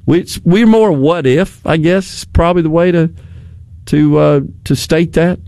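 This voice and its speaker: A man's voice: fairly high pitch, moderate pace, mellow, dry recording. An older man with a Southern American accent, chatting casually, rambling and chuckling as he loses his thread. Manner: rambling, chuckles often, trails off mid-thought. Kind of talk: casual chat.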